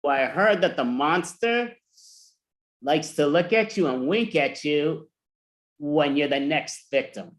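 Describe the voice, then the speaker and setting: A man telling spooky campfire rumors in an improv comedy scene over a video call, animated and mock-scared. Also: a little high, slow. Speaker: improv performer.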